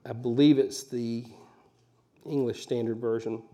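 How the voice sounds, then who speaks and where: A man's voice: medium pitch, steady tone, unhurried, dark tone. Folksy Southern-tinged man preaching a sermon. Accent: mild Southern US. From Alabama, US. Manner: conversational preaching, folksy asides, rising emphasis. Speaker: pastor.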